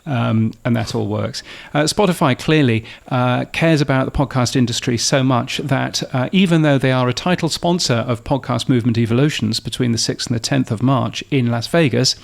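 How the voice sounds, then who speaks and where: A man hosts a podcast in a chatty, wry way, often restarting his sentences. His voice has a gravelly edge at a middling pitch. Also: normal speed, hardly any pauses. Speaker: podcast news host. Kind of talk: casual podcast chat.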